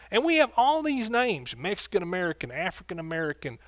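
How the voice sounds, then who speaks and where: Pastor, male, fairly high voice, dry close sound, call-and-response sermon delivery. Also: wildly swooping pitch, brisk, dry recording. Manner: preacherly call-and-response, asks congregation questions.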